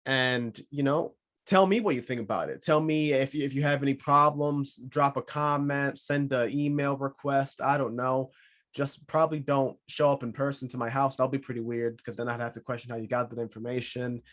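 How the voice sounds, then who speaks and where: A man's voice: mid-range voice, fairly even intonation, moderate pace, a bit bright. Rambling joking male podcast host. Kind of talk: casual solo podcast talk.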